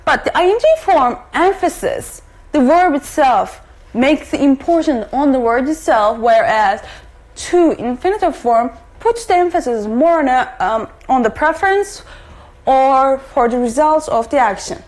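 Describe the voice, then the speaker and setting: A woman's voice: sits high, lively intonation, unhurried, a little mellow. A woman teaching an English grammar lesson for distance learning, explaining patiently and repeating each example, with "okay?" check-ins.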